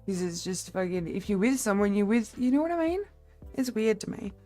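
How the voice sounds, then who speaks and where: A woman streamer chatting casually with her viewers, blunt and candid, with a lower-toned voice and a quick laugh. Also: very animated, dark tone, soft background music. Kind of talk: casual live-stream chat.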